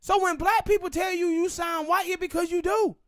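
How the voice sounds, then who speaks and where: High-voiced Southern man ranting. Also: fairly even intonation, fairly bright tone, dry recording, clean studio sound. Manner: emphatic, ranting, drawn-out pauses. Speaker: podcast host. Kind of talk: opinionated casual commentary.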